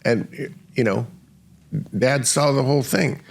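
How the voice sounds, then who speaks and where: A man's voice: medium pitch, slow pace, creaky. A man in his sixties hosting a podcast, chatting casually and hesitantly with plenty of fillers as he shares a childhood memory. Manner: hesitant, conversational, with frequent fillers. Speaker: podcast host. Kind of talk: casual conversation.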